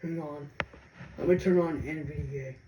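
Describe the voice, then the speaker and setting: A man's voice: fairly high pitch, steady tone, normal speed, mellow. A man hosting a casual computer walkthrough, explaining in a rambling, hesitant way with many restarts. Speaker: tech video host. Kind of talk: casual screen-reader walkthrough. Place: indoors at a computer. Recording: roomy room with faint noise.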